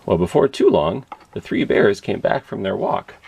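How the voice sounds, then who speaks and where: A man's voice: low voice, expressive, moderate pace, gravelly, noisy background. A man telling a children's story at a library in a playful read-aloud manner with sound effects.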